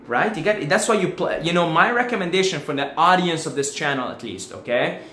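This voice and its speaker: A man with a fairly high, bright, forceful voice talks a little fast and expressively, casually addressing viewers from home as a spiritual video host. He acts out his own panic while telling a story in a casual monologue. The room is echoey, with faint background hiss.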